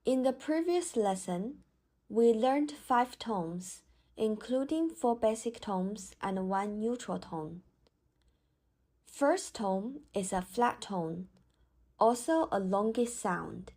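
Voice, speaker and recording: Very slow, careful woman teaching pronunciation. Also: a little high, expressive, warm tone. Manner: very slow, clear teaching delivery with drawn-out model sounds. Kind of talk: slow scripted pronunciation lesson.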